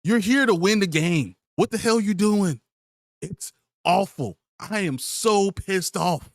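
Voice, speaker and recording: A man's voice: high voice, takes it slowly, no room sound, studio quality. A man hosting a sports podcast, ranting in an exasperated, profane way at his team's players. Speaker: podcast host.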